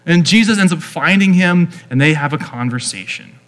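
A man's voice: on the high side, lively intonation, moderate pace, fairly bright tone. A man preaching a casual teaching sermon in a conversational, chatty way, full of filler words. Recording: long hall reverb.

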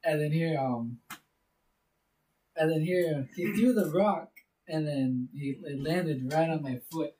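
A man's voice: a little high, slow, dark tone. A man asking his friends questions in a casual chat, rambling with many fillers. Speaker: question asker. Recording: distant mic.

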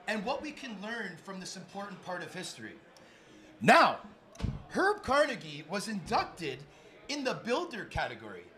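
A young man hosting a live podcast taping, hyping up his guests like an announcer before settling into earnest talk. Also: high voice. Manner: excitable, announcer-like. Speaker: podcast host. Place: sports bar studio.

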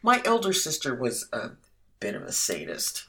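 A man co-hosting a podcast, who reads a passage aloud and then chats in an unhurried way, with lots of fillers and wry asides. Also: mid-range voice, wildly swooping pitch, creaky, sharp tone, slight background noise. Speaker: podcast co-host. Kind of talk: casual chat and reading aloud.

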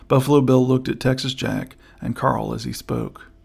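A man narrating an adventure audiobook in a steady, even reading. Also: mid-range voice, moderate pace, creaky, hardly any pauses, husky. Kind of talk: scripted narration.

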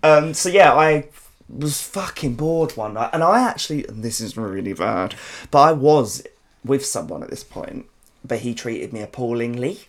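A podcast host from South London speaks at moderate pace in an expressive, medium-pitched voice. Casually telling stories, he swears a lot and keeps laughing, his accent clearly South London.

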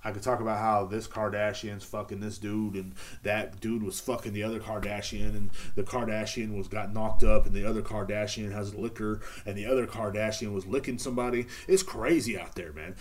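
A man, hosting a podcast in a casual, profane, rambling monologue. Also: lowish voice. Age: 30s. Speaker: podcast host.

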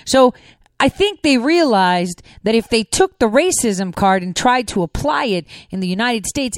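A woman's voice: on the high side, no echo, studio quality. A middle-aged woman hosting a political podcast, giving sarcastic, rambling commentary in a conversational way. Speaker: podcast host.

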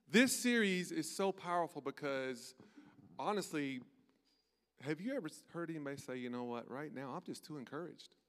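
Brief: male pastor, slightly high voice, casual jokey preaching, long reverb of a big church hall. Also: fairly bright tone, clear, resonant tone. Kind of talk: sermon. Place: large church auditorium.

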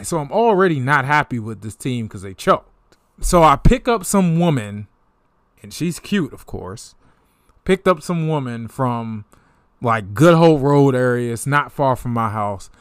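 Slow-talking trash-talking sports host, man. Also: on the high side, clean tone, no room sound, clean studio sound. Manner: trash-talking, animated, laughs at rivals. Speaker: sports talk show host. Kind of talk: casual sports talk.

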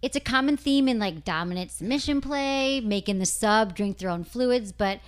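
A woman hosts a frank sex advice podcast in loose, casual chat. Her voice sits on the higher side, and she trades blunt opinions and jokey asides as she reads listener emails aloud. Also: animated. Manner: frank, laughing, quick asides.

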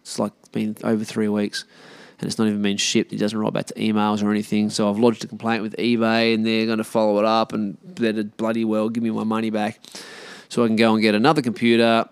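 A man's voice: on the low side, completely flat delivery, quick pace, vocal fry, clear, resonant tone, dry recording. An Australian man hosting a podcast, chatting casually on his own in a blunt, sweary, rambling way. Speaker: podcast host. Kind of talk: casual solo podcast chat.

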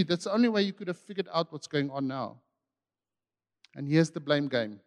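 A man preaching a sermon with passion, swinging between loud and hushed. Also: fairly high pitch, lively intonation, normal speed, long reverb tail.

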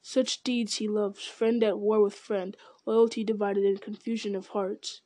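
Woman reader as a stern old wizard, solemn and clipped, mellow tone. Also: mid-range voice, level tone, measured pace, no room sound, close to an everyday voice. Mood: grave. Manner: terse, solemn. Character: grave old male wizard, stern and urgent. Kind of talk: audiobook character voice.

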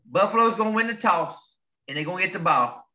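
A man's voice: high-pitched, animated, a little fast, bright, forceful tone, highs cut off. A man hosting a sports podcast, boastfully rambling through his game predictions in casual banter. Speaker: podcast host.

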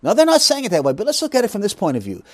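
A man's voice: high-pitched, huge pitch swings, racing, darkish tone, no room sound. A man preaching a Bible lesson, emphatic, asking rhetorical questions and making joking asides. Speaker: pastor teaching a Bible study. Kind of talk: sermon.

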